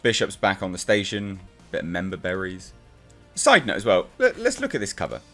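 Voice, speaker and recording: A man's voice: low-pitched, huge pitch swings, fairly quick, a bit bright, faint music behind. A man reviewing a comic book in a casual, exasperated and sarcastic rant.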